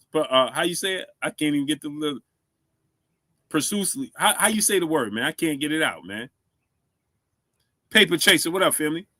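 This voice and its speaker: Bright-voiced man hosting a casual live stream. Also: fairly high pitch, no echo. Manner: shouts out viewers, asks for likes; stumbles over words, repeats himself.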